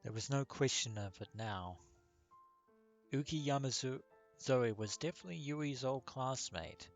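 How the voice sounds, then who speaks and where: A man's voice: medium pitch, lively intonation, a little slow, soft background music. A man hosting a let's play, reading the game text aloud and adding comments with some fillers.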